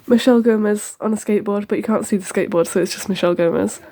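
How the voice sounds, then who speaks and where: A teenage girl talks her way through her sketchbook in a relaxed, rambling voice-over. Her tone is mellow and warm, at an ordinary pitch for her age. She fills the gaps with ums and tosses in quick side comments as she moves along. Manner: rambling and chatty, with many ums and quick asides. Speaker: sketchbook tour host.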